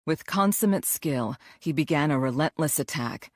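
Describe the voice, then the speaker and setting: A woman narrating a thriller audiobook in a measured, even way. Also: deep voice, no echo, studio quality.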